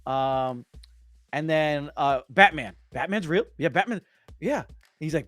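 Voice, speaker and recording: Excitable man chatting about a movie. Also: a little high, normal speed, no room sound. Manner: animated, excitable, acts out scenes. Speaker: podcast host. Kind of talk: casual movie discussion.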